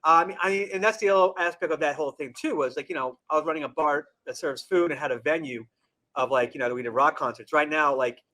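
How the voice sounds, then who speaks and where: A man's voice: fairly high pitch, fast, pushed and bright. A man, a restaurant general manager, chatting casually in an interview and acting out customers' lines as he tells stories. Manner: rambling storyteller, acts out customers' lines.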